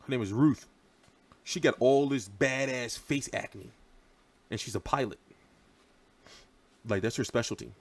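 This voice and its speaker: A man in his thirties runs a boxing channel livestream, replying to viewer comments in a loose, profane, animated ramble. His mid-range voice moves at a measured pace with frequent pauses.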